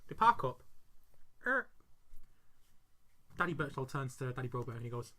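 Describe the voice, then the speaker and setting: A young woman co-hosting a podcast, retelling a story in an animated, giggly, outraged way. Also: rumbling low, normal speed, pauses often. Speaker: podcast co-host. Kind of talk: casual chat, retelling a story.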